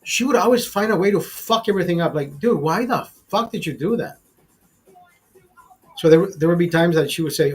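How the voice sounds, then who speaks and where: A man's voice: fairly high pitch, brisk. A man hosting a casual livestream chat, crude and profane, rambling with many restarts. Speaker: livestream host.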